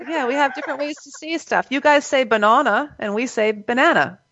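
A woman's voice: high-pitched, fast, vocal fry, no echo, muffled recording. An American woman co-hosting a stream, chatting easily and often laughing. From United States. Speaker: co-host. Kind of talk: casual chat.

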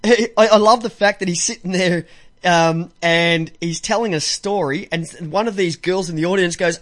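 A man's voice: high-pitched, normal speed, a bit bright. A man with an Australian accent hosting a radio show, bantering casually, joking and laughing often as he tells stories. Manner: joking, laughs often, acts out voices in anecdotes.

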